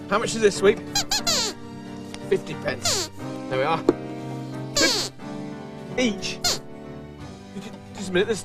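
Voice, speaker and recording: A man hosting a comic children's puppet show, fussing and exasperated as he keeps giving in. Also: very high-pitched.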